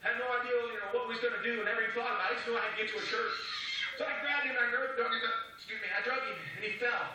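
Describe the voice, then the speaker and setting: A man giving a dramatic religious testimony, excited, repeating himself and acting out the voices in his story. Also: extremely high pitch, racing, slight background noise. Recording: echoey room, distant from the mic.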